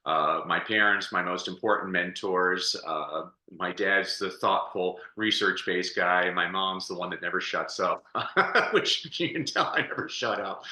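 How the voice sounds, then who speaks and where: Bright-voiced chatty male podcast guest. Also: low-pitched, unhurried, roomy sound. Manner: energetic, chatty storyteller who laughs often. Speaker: podcast guest, speaker and coach. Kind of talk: storytelling interview answer.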